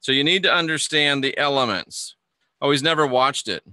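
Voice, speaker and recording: Chatty man with a very bright voice. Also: mid-range voice, moderate pace, no echo, clean studio sound. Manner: chatty, reads viewer comments aloud, stumbles and restarts. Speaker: livestream host teaching astrology. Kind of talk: casual livestream lesson reading chat.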